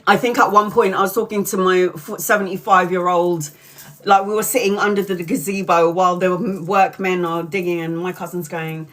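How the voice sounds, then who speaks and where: Laughing through her tale and cursing nonstop, a middle-aged tarot-reading streamer shares a relaxed live-stream story. She speaks at a normal speed in a steady, fairly bright voice on the low side.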